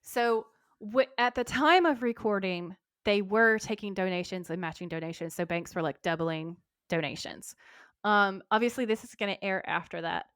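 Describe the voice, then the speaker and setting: A woman's voice: medium pitch, normal speed, clean tone, no echo. Chatty woman podcast co-host, dry sound. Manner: warm, chatty and enthusiastic. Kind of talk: casual chat and reading aloud.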